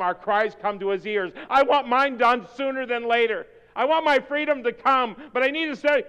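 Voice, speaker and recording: A male preacher delivering a fervent sermon, moving from quiet, intimate talk to loud, urgent pleading. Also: extremely high pitch. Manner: fervent, swings between quiet intimacy and shouting. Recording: long hall reverb.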